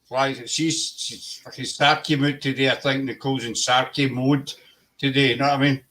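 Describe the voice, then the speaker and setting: A man's voice: medium pitch, little pitch movement, moderate pace, a bit bright, a little hiss or hum. A Scottish man in casual, sweary, self-mocking banter with friends. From Scotland. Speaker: chat room participant.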